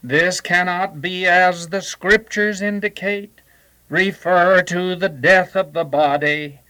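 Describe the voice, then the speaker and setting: A man's voice: high-pitched, steady tone, slow pace, bright, forceful tone, heavily acted, low-quality recording. A man playing a Quaker minister, intoning scripture in a solemn sing-song chant. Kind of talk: intoned preaching.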